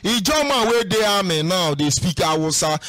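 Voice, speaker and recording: A man speaking Nigerian Pidgin as a host answering questions, in a sing-song, animated way that acts out other people's voices. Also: high-pitched, normal speed, no echo. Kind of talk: casual spoken commentary.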